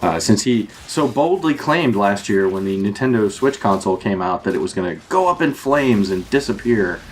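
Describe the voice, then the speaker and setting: Male co-host, lower voice, giggly and needling. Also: animated, normal speed, a little hiss or hum. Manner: laughs often, needling. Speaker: podcast co-host. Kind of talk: casual podcast chat.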